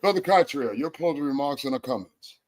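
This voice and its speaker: A man's voice: mid-range voice, lively intonation, a little fast. A male host with a mid-range voice who speaks in a preacherly way. He stacks up repeated phrases and leans into each one as he runs a streamed faith talk show.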